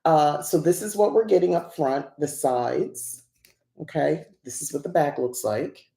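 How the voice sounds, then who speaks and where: A woman's voice: low-pitched, expressive, measured pace, gravelly, warm tone, roomy sound. A woman hosting a casual unboxing chat who rambles and laughs often. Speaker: host.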